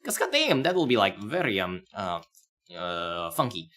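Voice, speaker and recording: A man's voice: on the low side, sing-song, moderate pace, a bit bright. A man streaming live, reacting to a video in a loose, rambling way with many fillers. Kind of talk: casual live-stream commentary.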